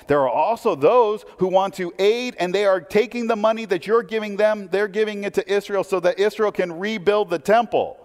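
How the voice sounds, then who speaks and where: A man preaching a sermon with a fairly high voice, talking conversationally and tossing in rhetorical questions. He swings from loud emphasis to quiet asides, and his words ring out with a long reverb as if in a large hall. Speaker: pastor.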